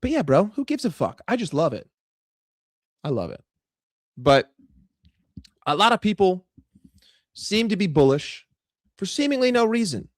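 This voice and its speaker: A young man rants casually about football on his vlog, swearing often. His voice sits high and leaps around. The sound is dry and close. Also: measured pace, long pauses, no room sound. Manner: profane, animated, chatty. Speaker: football vlogger.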